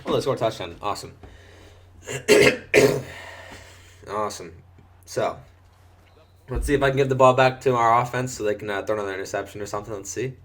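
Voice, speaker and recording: A man's voice: lowish voice, fairly quick, long pauses, a bit bright. A young man doing casual, profane gameplay commentary while hiccuping, breaking into exaggerated yelps. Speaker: gaming commentator.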